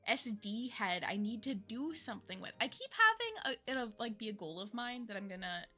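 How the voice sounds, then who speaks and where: A woman's voice: a little high, big pitch swings, fairly quick, sharp tone, faint music behind. A woman streamer in casual chat who laughs often and swears casually.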